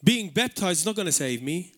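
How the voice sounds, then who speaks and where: Guy preaching live in church, high voice, earnest, keeps repeating words to hit the point. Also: expressive, a little fast, fairly bright tone. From Malta. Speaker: pastor. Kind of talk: sermon. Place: church hall, live service.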